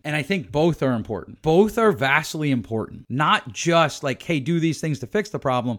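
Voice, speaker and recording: Earnest man with a higher voice. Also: a bit bright. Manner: earnest, conversational, thinking aloud. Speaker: podcast host. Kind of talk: solo podcast monologue.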